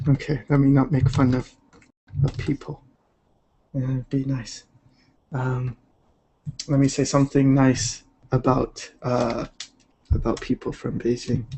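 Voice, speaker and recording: Slow, gravelly laid-back man. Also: medium pitch, flat delivery, warm tone, a little hiss or hum. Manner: laid-back, rambling, many fillers. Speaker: digital artist streaming. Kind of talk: casual livestream chat while drawing.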